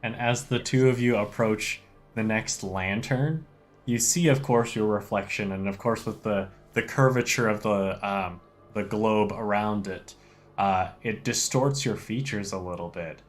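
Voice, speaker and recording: A man sets the scene as game master, in a slow and deliberate narrating voice. His voice sits on the lower side, with unhurried pauses between phrases. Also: soft background music.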